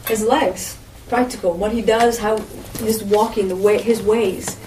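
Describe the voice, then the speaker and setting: A woman's voice: mid-range voice, fairly even intonation, unhurried, darkish tone. A woman giving an informal sermon as a Bible teacher, with a conversational manner and frequent asides to her listeners. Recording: roomy echo, distant mic, faint background noise.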